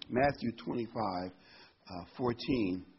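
A man's voice: mid-range voice, expressive, extremely slow, slightly rough. A man preaching a conversational sermon, reading scripture and adding casual asides. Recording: dull lo-fi recording.

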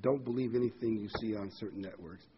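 A man's voice: on the low side, fast talker, highs cut off, slight background noise. A man preaching a folksy, rambling sermon full of homely examples and corny jokes.

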